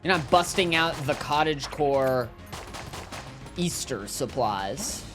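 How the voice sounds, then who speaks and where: A man's voice: on the high side, lively intonation, slow pace, music in the background. Rambling jokey gaming streamer guy. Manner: rambling, jokey, lots of fillers. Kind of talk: casual gameplay commentary, reading chat.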